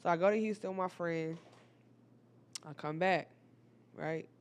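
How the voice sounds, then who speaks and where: Animated young woman telling a storytime. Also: fairly low pitch, measured pace. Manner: animated, profane, talks straight to viewers. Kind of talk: casual storytime.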